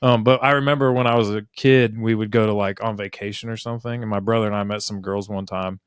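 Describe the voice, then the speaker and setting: A man's voice: fairly low pitch, fairly even intonation, quick pace, smooth, no echo, studio quality. Rambling man co-host from Ohio. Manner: rambling storyteller, many fillers like "like". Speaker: podcast co-host. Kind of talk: casual conversation.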